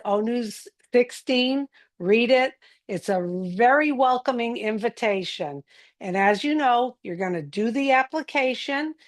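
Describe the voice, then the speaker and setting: A woman presenting casually to viewers, slow and encouraging, with frequent fillers. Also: fairly high pitch. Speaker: community presenter.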